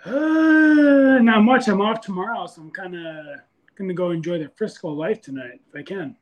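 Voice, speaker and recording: A man's voice: high voice, normal speed, lo-fi sound. A man calling into a podcast, chatting in a laid-back, easygoing way. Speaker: caller. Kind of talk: casual call-in chat.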